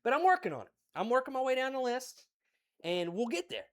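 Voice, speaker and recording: An excited man from West Virginia with an Appalachian accent, chatting folksily on a cooking livestream. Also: very high voice, a little fast. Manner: folksy and exuberant, repeats phrases.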